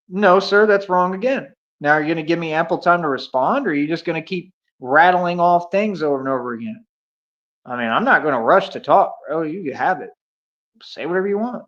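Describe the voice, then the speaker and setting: A man's voice: high voice, a little fast, fairly bright tone. A man hosting a livestream debate, combative and taunting, repeating himself and throwing in slang. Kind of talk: confrontational livestream argument. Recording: dull lo-fi stream audio.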